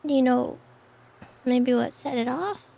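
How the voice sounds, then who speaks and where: A woman in her thirties in a roleplay game, telling what happened in a hesitant, halting way. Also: sits high, vocal fry, mellow. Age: 30s. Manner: hesitant, repeats words while telling. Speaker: streamer and roleplay player. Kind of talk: in-character recounting in a game.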